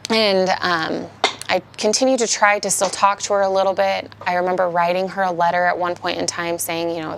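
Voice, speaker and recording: A woman's voice: on the low side, creaky, a little hiss or hum. A woman in her thirties giving a candid, emotional personal testimony as a speaker at a support meeting.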